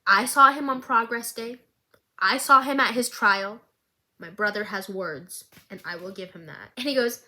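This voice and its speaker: A young adult woman recapping a show in a casual, animated way, laughing often. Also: on the high side, moderate pace. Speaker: recap vlogger.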